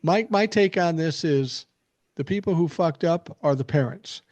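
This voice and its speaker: An older man hosts a podcast in casual chat, speaking at a somewhat high pitch. He explains things at length and gives firm opinions, and his voice sounds dry, with no room around it. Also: unhurried, darkish tone, no echo. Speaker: podcast host.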